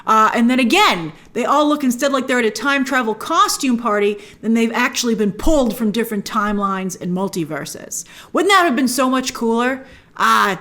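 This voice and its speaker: A woman hosting a film review show, talking casually to camera with excitable, gushing bursts. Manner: excitable, gushing with sudden high exclamations.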